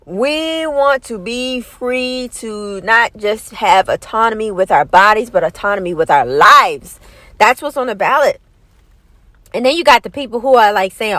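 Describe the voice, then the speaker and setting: A woman's voice: fairly high pitch, lively intonation, moderate pace, a bit bright, no room sound. A woman vlogger giving casual opinion commentary in a light, scratchy voice. She talks emphatically and acts out other people's lines.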